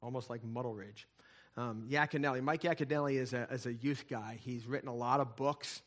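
A middle-aged man preaching a sermon, telling stories and swinging between loud emphatic lines and hushed, quiet ones. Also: medium pitch, steady tone, fairly quick. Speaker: pastor.

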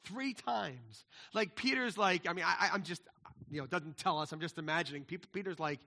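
Bright-voiced animated male preacher. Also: a little high, brisk, creaky. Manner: animated, acts out biblical dialogue, frequent restarts. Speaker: pastor. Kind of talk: sermon.

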